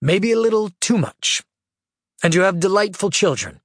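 Man doing a friendly old grandpa, chatty, voice up high, dry sound. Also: animated, normal speed, no room sound.

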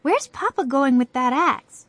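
A woman's voice: high-pitched, very animated, unhurried, fairly bright tone, no room sound, full character voice. A woman voicing a distraught eight-year-old farm girl who protests and pleads in tears, in a storybook audiobook. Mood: pleading, outraged. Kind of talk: audiobook character voice.

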